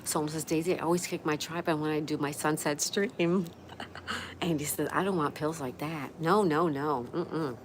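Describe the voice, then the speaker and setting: Chatting on a casual live stream, this woman reads out viewer comments and welcomes each person by name. She has a deep voice and speaks at a moderate pace, with steady noise in the background.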